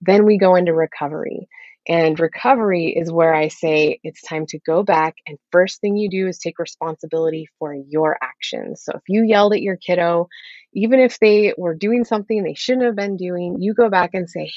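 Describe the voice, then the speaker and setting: A woman working as a parenting coach, explaining her method in a steady, instructive way. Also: fairly low pitch, normal speed, no room sound. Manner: steady, instructive, lays out steps. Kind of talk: explaining in an interview. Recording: slightly dull lo-fi audio.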